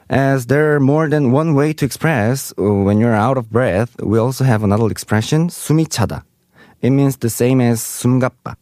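A man's voice: mid-range voice, a little mellow, no room sound, clean studio sound. A man teaching Korean vocabulary in English. He reads example sentences aloud and translates each one. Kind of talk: explaining vocabulary.

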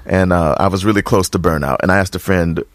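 A man from the United States co-hosting a bilingual radio show in a relaxed, chatty way, laughing often. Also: low voice, fast talker, no echo. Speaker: radio co-host.

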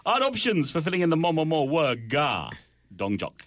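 Male morning-show host, deadpan jokes, very animated intonation, dry studio sound. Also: fairly high pitch, moderate pace, no room sound. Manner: playful, deadpan joking. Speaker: radio host. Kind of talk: morning radio banter. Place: radio studio. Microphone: studio microphone.

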